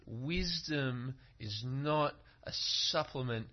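A man's voice: medium pitch, slow. A male preacher giving a sermon, retelling a story and pressing his point with rhetorical questions, on a muffled recording.

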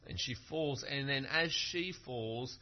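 Slow, emphatic male preacher. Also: medium pitch, highs cut off. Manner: storytelling, emphatic, with rhetorical questions. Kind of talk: sermon.

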